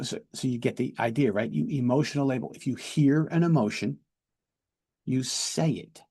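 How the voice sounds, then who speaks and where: A police lieutenant teaches de-escalation in a plain lecture style, often doubling his words and asking "right?". His voice is gravelly, husky and dark in color, and his pitch sits in a middle range. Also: normal speed. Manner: explanatory, repeats words and checks in with "right?". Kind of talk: training lecture.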